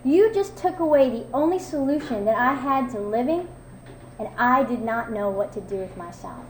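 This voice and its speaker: A woman with a twang speaks her personal testimony with a slightly high voice. She is frank and wry, full of fillers and restarts. The room around her is echoey, with faint ambience underneath. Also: lively intonation, normal speed, a little hiss or hum. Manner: candid, self-mocking, conversational with many fillers. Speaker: recovery meeting speaker.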